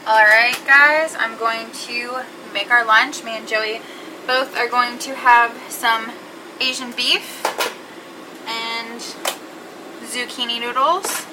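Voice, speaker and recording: A woman's voice: fairly high pitch, slow. A young woman chatting casually to camera in her home kitchen, upbeat and giggly. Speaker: vlogger. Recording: home camera with clear background noise.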